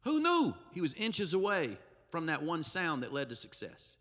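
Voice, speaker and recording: Bright high-voiced preacher in a reverberant church. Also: male voice, huge pitch swings, moderate pace. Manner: humorous, emphatic preaching with asides. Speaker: pastor. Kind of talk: sermon. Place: church sanctuary.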